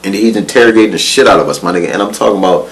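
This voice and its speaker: In a rough recording, a man with a fairly low, racing voice tells his life story in casual, profane slang. He laughs often, repeats words, and keeps asking "you know what I'm saying" to check that you follow.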